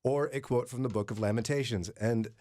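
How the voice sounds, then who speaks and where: A man's voice: mid-range voice, a little fast, mellow, no room sound. A man hosting a morning radio show in a studio, chatty and joking with his co-hosts. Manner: chatty, jokey, laughs often. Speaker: radio host.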